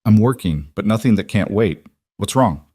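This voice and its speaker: A man voicing a gentle, steady single father who speaks calmly and carefully. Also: on the low side, moderate pace, no echo, clean studio sound. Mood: concerned. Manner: calm, careful.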